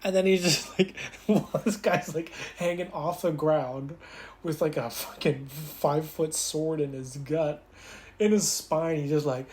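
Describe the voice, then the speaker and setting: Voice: medium pitch, fairly even intonation, darkish tone, slight background noise. Rambling casual reviewer, lots of fillers. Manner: rambling, filler-heavy, laughing while recapping; acts out characters' lines in quick put-on voices. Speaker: episode reviewer. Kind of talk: casual spoken TV episode review.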